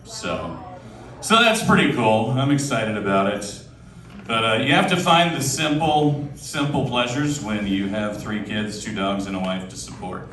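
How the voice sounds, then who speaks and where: A man in his thirties doing a stand-up comedy set on a club stage, telling self-deprecating stories in a deadpan way. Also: lowish voice, unhurried, slight background noise. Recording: roomy club from a distance, crowd.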